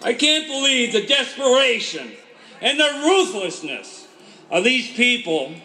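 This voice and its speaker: A man, a highway worker, giving a fiery shouted speech at an outdoor union rally. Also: big pitch swings, measured pace. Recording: echoey outdoor PA with loud crowd.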